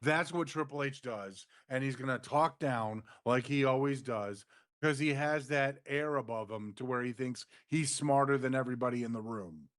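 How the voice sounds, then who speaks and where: A man co-hosting a wrestling podcast, backing up his partner with steady commentary. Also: mid-range voice, normal speed. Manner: agreeing backchannels, mocking imitations.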